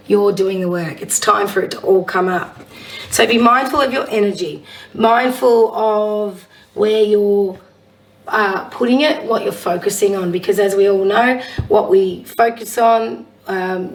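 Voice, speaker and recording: A woman with a husky voice, a psychic medium giving a casual oracle card reading and reading affirmations aloud. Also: medium pitch, recorded from a distance, rough recording. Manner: chatty, warm-hearted encouragement, reads affirmations aloud.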